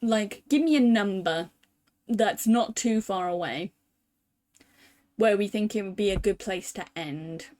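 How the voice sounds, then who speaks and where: A woman's voice: mid-range voice, unhurried, a little mellow. Chatty young woman streamer from the UK. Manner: chatty and self-deprecating, thinks aloud. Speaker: VTuber streamer. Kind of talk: casual stream chat while playing a visual novel.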